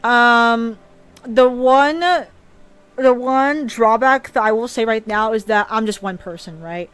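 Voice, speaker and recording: A woman's voice: fairly high pitch, slow, a bit bright, smooth. A young woman streamer chatting casually and earnestly about her dreams, often stumbling and restarting her sentences, growing teary. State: teary and emotional. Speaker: streamer and animator. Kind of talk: casual live-stream chat.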